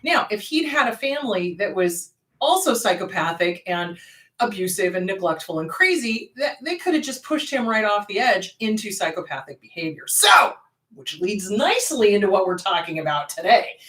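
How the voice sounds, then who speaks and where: Animated, emphatic woman therapist. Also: medium pitch, moderate pace. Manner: emphatic, repeats words for stress. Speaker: therapist and show host. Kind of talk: casual advice talk to camera. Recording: roomy, distant mic.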